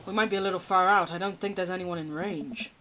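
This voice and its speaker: A woman voicing an easygoing middle-aged dad who owns a yacht, speaking in a relaxed, slightly lowered voice. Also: quick pace, slight background noise, natural voice.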